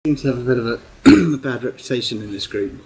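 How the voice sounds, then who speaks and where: Male friend on voice chat, mid-pitched, mock-principled tone. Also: fast, darkish tone, husky, rough recording. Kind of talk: casual chat.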